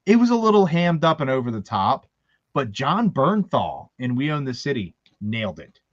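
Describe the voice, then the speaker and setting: A man's voice: mid-range voice, sing-song, moderate pace, no echo. Male host from Baltimore, faint local accent, rambling storyteller, dry and dull lo-fi sound. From Baltimore, USA. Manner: rambling, anecdotal, laughing often. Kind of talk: casual chat.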